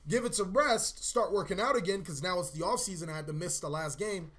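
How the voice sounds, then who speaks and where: A young man talks straight to his viewers, telling a story in a loose, animated way. His voice sits high and sounds bright. He swears freely and acts out his own reactions as he goes. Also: fairly quick. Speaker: channel host. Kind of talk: casual storytelling vlog.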